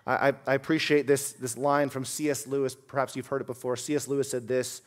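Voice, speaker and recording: A man preaching a sermon as a pastor, earnest, dropping to a hush and then rising to loud emphasis. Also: mid-range voice, level tone, a little fast, few pauses.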